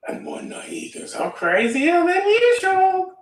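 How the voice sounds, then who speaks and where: A man's voice: huge pitch swings, measured pace, heavily acted. A man voicing a scarred male villain as he tells his past, sliding his voice up and down through each line. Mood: swooping theatrical. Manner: swooping up and down in pitch on each line. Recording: roomy room, distant mic.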